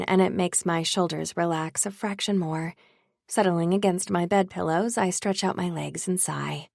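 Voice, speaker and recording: Low, gravelly woman narrating wryly. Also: fairly even intonation, moderate pace, darkish tone, no echo. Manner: wry, dry. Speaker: audiobook narrator. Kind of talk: first-person audiobook narration.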